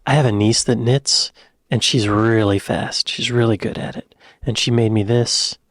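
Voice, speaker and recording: An American man of medium pitch with an American accent, talking in a loose, rambling, chatty way as he reacts. The sound is dry and close, with no room around him. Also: fairly even intonation, moderate pace, fairly bright tone, dry recording. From United States. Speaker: reaction channel host. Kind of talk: casual reaction chat.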